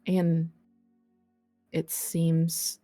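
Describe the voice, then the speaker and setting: A woman narrating as game master of a tabletop role-play, deliberate and unhurried with occasional fillers. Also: low voice, completely flat delivery, mellow, dry recording, faint music behind.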